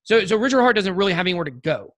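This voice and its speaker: A man's voice: high-pitched, big pitch swings, rapid-fire. A man co-hosting a podcast in casual chat, rambling and joking with lots of restarts and fillers. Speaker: podcast co-host.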